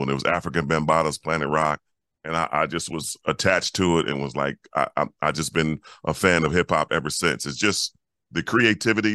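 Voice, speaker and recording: Fifties male podcast co-host, deep-voiced and excitable, repeats himself mid-story. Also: no echo, studio quality. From Los Angeles, USA. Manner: animated storyteller, repeats words when excited. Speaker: co-host, former pro basketball player. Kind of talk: casual podcast chat.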